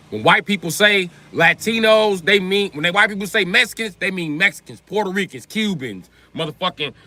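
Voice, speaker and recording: A man live streaming, ranting in loud, profane comedy commentary over a video. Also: sits high, no echo.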